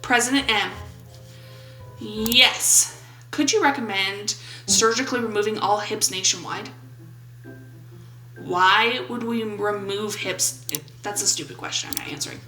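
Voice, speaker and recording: A gaming YouTuber of about twenty-seven reads a game's questions aloud and riffs on them playfully, cracking jokes and slipping into brief silly voices. Her voice sits a little high and comes out unhurried, bright and forceful. The rough recording has an echoey room and faint music in the background.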